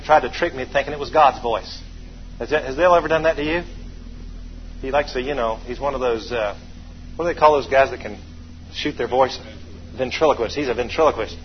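A man preaching a sermon, telling homey stories and leading his congregation in call-and-response, moving between quiet asides and loud, emphatic stretches. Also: medium pitch, dull audio, a little hiss or hum.

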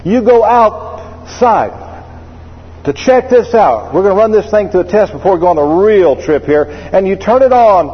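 A man preaching a sermon, working through scripture and telling humorous stories with acted voices in an animated way. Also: high-pitched, unhurried, breathy edge. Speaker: pastor. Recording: muffled, with long reverb of a large hall.

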